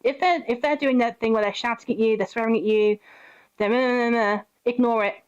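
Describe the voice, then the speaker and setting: A young woman live streaming, chatting casually and gently reassuring her viewers with advice. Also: fairly high pitch, brisk, clear, resonant tone. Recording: dull lo-fi stream audio.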